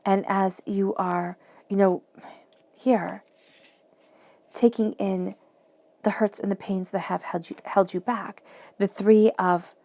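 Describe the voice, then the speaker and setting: Woman, tarot reading, flowing and repetitive, dry close sound, warm low tone. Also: steady tone, slow, pauses often, no room sound. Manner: flowing, repetitive, encouraging, acts out quoted self-talk. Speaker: tarot reader.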